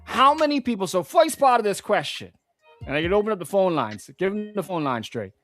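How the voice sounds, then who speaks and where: A high, very lively man hosts a morning radio show from the studio. He tells stories with animated voices for the people in them. The sound is dry and close, with faint music underneath. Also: brisk, no echo. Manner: animated storytelling, drops into voices for quoted people. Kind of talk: casual radio banter.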